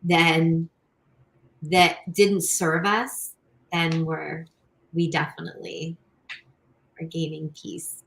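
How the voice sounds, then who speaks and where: A woman's voice: deep voice, level tone, slow pace, long pauses, a bit bright, a little hiss or hum, rough recording. A woman who is a guest on a podcast, speaking reflectively in casual conversation and rephrasing as she goes.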